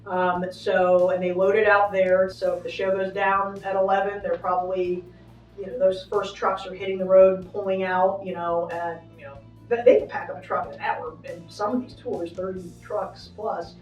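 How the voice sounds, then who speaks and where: A chatty, upbeat middle-aged woman talks casually with plenty of fillers. Her voice sits at an ordinary pitch and is picked up from a little way off. A big echoey backstage space rings around her, with faint music underneath. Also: level tone, moderate pace, far from the mic, highs cut off. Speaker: arena manager giving a backstage tour. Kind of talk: casual walking interview. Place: backstage in a large indoor arena.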